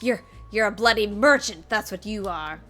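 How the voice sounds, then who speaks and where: A woman voicing a gruff, hard-drinking male blacksmith in a fan voice-over of a game cutscene, with a coarse put-on pirate-style brogue. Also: mid-range voice, expressive, normal speed, bright, forceful tone, faint music behind. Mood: scornful.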